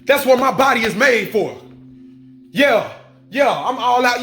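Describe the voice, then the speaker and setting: Guy with a really high voice preaching on his vlog, repeats himself a lot, faint music behind. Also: expressive, normal speed, a bit bright. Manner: emphatic and repetitive, restating points, casual swearing. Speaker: spiritual vlogger. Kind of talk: preachy spiritual monologue. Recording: echoey room with faint music.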